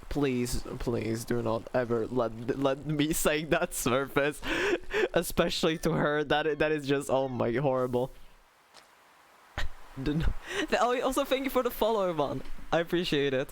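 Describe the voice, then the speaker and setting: A young man streaming live and chatting casually with his viewers in a playful, animated way, laughing often. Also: a little high, a little slow, a little hiss or hum.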